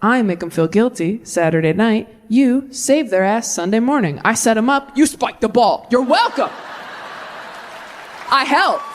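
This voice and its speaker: Animated young woman doing stand-up. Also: a little slow. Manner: animated, jumps into high-pitched character voices. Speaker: stand-up comedian. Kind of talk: stand-up set. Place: comedy club stage with audience laughter.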